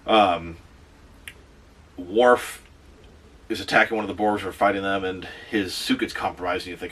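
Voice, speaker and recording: A man with a very low voice gives a casual, animated movie recap, tossing in quick asides. He sits a little back from the microphone, so his voice sounds slightly distant. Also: a little hiss or hum. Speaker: movie reviewer.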